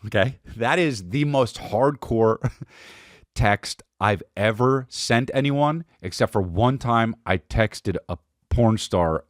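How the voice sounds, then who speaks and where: A man hosting a podcast, telling a rambling comic story in a profane, animated way. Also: medium pitch, slow, dry recording, clean studio sound. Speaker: podcast host. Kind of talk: comedic storytelling.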